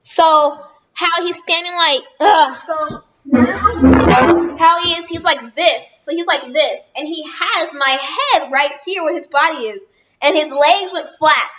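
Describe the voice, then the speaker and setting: A woman's voice: sits high, unhurried, bright, forceful tone, dull audio. A woman telling a rambling storytime on her vlog, chatting casually and often correcting herself. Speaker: vlogger.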